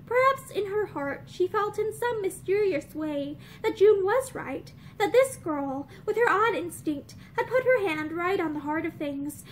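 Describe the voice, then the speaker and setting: Young female audiobook reader, very high voice, lively and expressive. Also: a little hiss or hum, poor audio. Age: young adult. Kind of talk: reading a novel aloud. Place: indoors, room with bookshelves.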